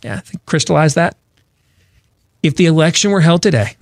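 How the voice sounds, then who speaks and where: Man, talk show host, political commentary, emphatic, rhetorical questions, somewhat high voice. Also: expressive, a little fast, vocal fry, pauses often, no echo, clean studio sound.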